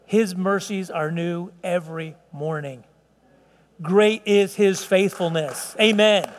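Impassioned high-voiced male pastor. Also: slow, a little hiss or hum. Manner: impassioned, stammering repeats, swings between soft and loud. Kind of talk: sermon. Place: church sanctuary. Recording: long reverb in a church hall.

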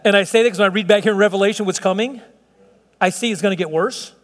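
Brief: middle-aged male pastor, high-pitched, earnest and chatty, church hall with long echo. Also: fast talker. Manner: earnest, conversational preaching with frequent restarts and chuckles. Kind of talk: sermon.

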